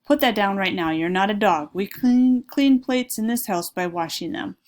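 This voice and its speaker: A woman's voice: medium pitch, expressive, normal speed, natural voice. A woman reading as a firm, caring mom. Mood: scolding. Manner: scolding, firm then praising. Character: strict caring mother of a young boy.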